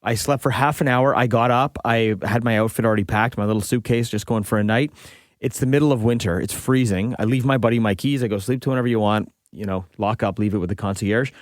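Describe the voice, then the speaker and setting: A man in his forties, co-hosting a podcast and telling a long anecdote in a relaxed, chatty way, acting out the dialogue as he goes. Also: mid-range voice, quick pace, no echo, studio quality. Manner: lively storyteller acting out quoted dialogue. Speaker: podcast co-host. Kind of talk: casual anecdotal storytelling.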